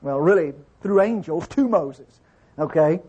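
A husky, fairly high male voice that swings widely as he teaches scripture. He alternates between reading verses aloud and explaining them informally, often turning to his listeners to ask if they follow. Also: animated, a little slow, warm tone. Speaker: Bible teacher. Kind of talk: conversational Bible teaching.

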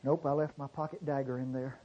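A man preaching a sermon to a congregation, swinging from low murmurs to loud exclamations and drawing out key words. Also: little pitch movement, highs cut off, slight background noise. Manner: drawn-out stressed words. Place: church service before a congregation.

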